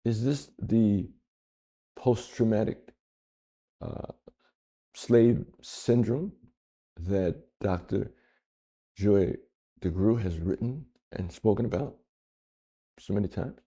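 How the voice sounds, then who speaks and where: A man giving video commentary, speaking deliberately with pointed questions and repeating himself for emphasis. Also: lowish voice, dark tone, breathy edge.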